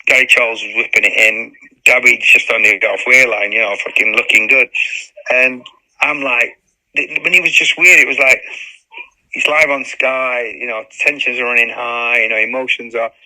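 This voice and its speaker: A man in his fifties, a former footballer and interview guest, telling a story in lively chat, acting out quotes and swearing freely. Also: medium pitch, normal speed, poor audio.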